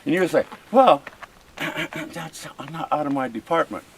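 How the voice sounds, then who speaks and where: A man's voice: fairly high pitch, normal speed, gravelly, slight background noise, low-quality recording. A man, a First Nations chief, arguing with police in a heated face-to-face exchange, impassioned and pleading, repeating his points over and over. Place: outdoor protest camp.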